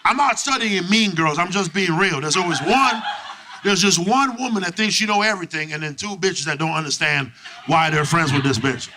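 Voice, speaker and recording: A man's voice: sits high, normal speed. Brash, profane stand-up comedian, man. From Canada. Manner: brash, profane, animated storytelling.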